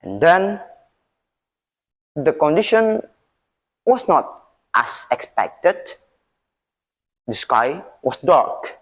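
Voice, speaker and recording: Dramatic teen storyteller, slow and swinging. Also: male voice, a little high, very animated, a bit bright. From Indonesia. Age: teens. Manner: dramatic, swinging delivery with long pauses. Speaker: student storyteller. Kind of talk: competition storytelling.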